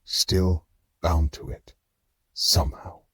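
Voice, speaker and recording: Male narrator reads a grieving, stubborn woman warrior, halting and cracking, low and husky. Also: flat delivery, a bit bright, no echo, heavily acted.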